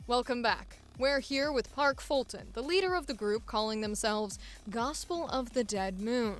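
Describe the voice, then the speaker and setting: A woman voicing a composed female TV host, reading in a measured newscaster delivery. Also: a little high, expressive, faint music behind, lightly acted. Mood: probing. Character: composed female TV host interviewing a cult leader.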